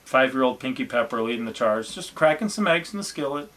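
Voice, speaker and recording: A man's voice: medium pitch, animated, fast, fairly bright tone. A man, a family vlogger chatting casually and encouragingly about his children. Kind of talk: casual chat.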